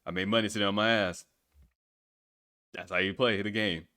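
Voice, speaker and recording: Male solo podcast host, very low voice, loose rambling delivery with casual swearing. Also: fairly even intonation, normal speed, sharp tone.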